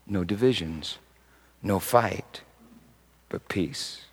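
A male pastor preaching a sermon and telling a personal story, dropping to a hush and then rising to loud, emphatic delivery. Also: low voice, drawn-out words, slightly rough, rough recording. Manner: swings from hushed to loud emphatic.

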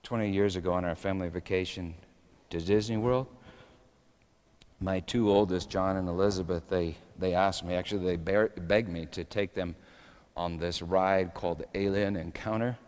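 A middle-aged male pastor telling a story in a sermon, building up to shouts. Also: deep voice, steady tone, normal speed, clean tone, long reverb tail.

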